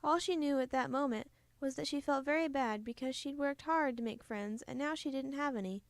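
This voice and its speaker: A woman reading a children's book aloud in a gentle, expressive storytelling manner. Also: sits high, brisk, dry recording. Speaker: storybook reader.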